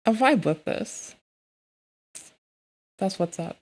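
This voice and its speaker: Profane woman streamer, mid-pitched voice, casual chat that flares into loud rants. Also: expressive, takes it slowly.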